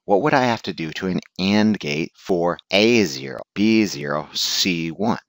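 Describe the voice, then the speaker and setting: Deep-voiced joking male instructor. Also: expressive, measured pace, no echo. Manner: blunt, joking teacher who asks questions and answers them. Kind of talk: recorded lecture.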